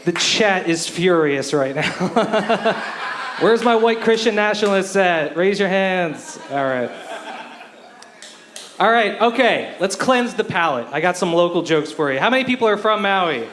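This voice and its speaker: A man working a club stage with deadpan, self-deprecating one-liners. His voice sits high and his pace is slow and unhurried. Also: crowd noise. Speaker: stand-up comedian. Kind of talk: stand-up comedy set.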